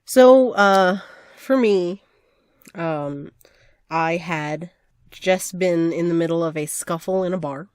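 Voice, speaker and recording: A woman's voice: fairly low pitch, slow pace, dry recording, studio quality. A woman co-hosting a podcast, retelling her part of a role-play event in casual chat and acting out the lines people said. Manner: lively retelling with acted-out quotes and laughs. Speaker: podcast co-host.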